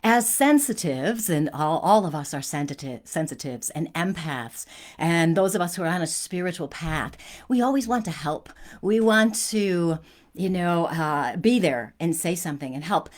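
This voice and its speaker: A woman's voice: on the low side, expressive, normal speed. A woman hosting a spiritual talk, telling a personal story in an earnest, conversational way with frequent restarts.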